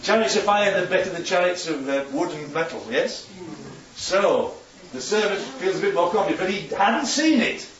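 A man's voice: high voice, lively intonation, moderate pace, a bit bright. A man giving an informal Bible talk as a preacher, chatty and often checking in with his listeners. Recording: echoey, distant, dull sound.

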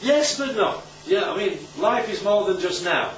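Here a man with a high-sitting voice and lively intonation talks at normal speed, leading an informal Bible session and often asking his listeners how they're following. The recording carries a little hiss or hum and sounds roomy, distant and dull.

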